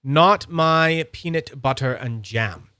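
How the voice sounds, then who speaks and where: A man with a slightly high, bright, forceful voice talks in a loose, rambling way as he hosts a fidget toy review. He is excitable and self-deprecating, and he chats to his viewers by name. The sound is close and dry, with no room echo. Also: takes it slowly, clear, resonant tone. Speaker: fidget toy channel host. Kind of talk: casual rambling livestream-style review.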